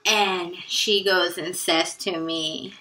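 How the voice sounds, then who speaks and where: Slow-talking woman telling a personal story. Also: fairly low pitch, fairly even intonation, sharp tone, a little hiss or hum. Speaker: vlogger.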